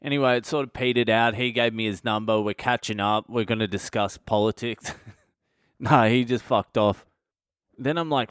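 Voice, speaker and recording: A man's voice: medium pitch, moderate pace, fairly bright tone, clean tone, no echo, studio quality. A man in his thirties with an Australian accent, hosting a podcast and telling a blunt, profane, self-mocking comic story. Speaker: comedian podcast host.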